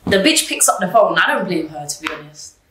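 A woman tells her story in an interview, blunt and lively, and she swears freely. Her voice sits fairly low. It is recorded from some way off the mic in an echoey room. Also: brisk, a little hiss or hum. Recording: roomy, distant mic.

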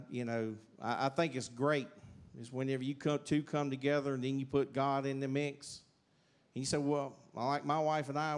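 A man preaching a sermon, folksy and emphatic, repeating "I'm telling you" as he drives points home in a church. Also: mid-range voice. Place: church sanctuary.

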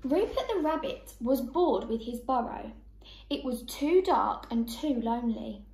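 A woman teacher reading a picture book aloud to young children, slow and expressive. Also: fairly high pitch, roomy sound.

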